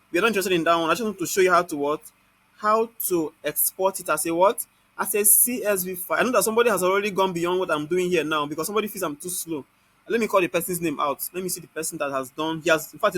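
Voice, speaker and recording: A man with a Nigerian accent leads a live online software class. He keeps asking the class "what?" and then answers it himself. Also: sits high, no echo. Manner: scolds students in Nigerian Pidgin.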